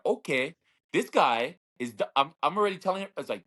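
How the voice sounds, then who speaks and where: A man in his thirties from Hawaii, a slap fighter appearing as an interview guest, rambles through a long story in a casual chat. His medium-pitched, fairly bright voice is animated and fast, and he repeats words and acts out what other people said.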